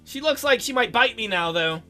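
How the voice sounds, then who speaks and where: A man's voice: extremely high pitch, animated, normal speed, sharp tone, faint music behind. A man hosting a let's play, reading a visual novel aloud with playful, joking asides.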